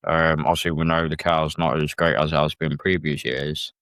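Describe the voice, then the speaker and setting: A man's voice: extremely low pitch, level tone, normal speed, fairly bright tone, no echo. A man talking as a guest on a casual podcast, plain-spoken and a little hesitant. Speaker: guest presenter.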